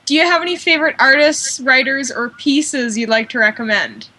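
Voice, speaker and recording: A young woman with a high, bright voice chats eagerly on a casual fan podcast. She talks quickly and jumps in with questions. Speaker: co-host.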